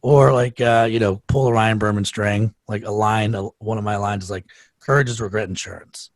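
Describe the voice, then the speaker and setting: A man's voice: lowish voice, fairly even intonation, moderate pace, no echo. A man in a podcast interview, asking earnest, reflective questions. His voice sounds dry and close, with no room around it. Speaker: podcast host. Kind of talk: conversational interview.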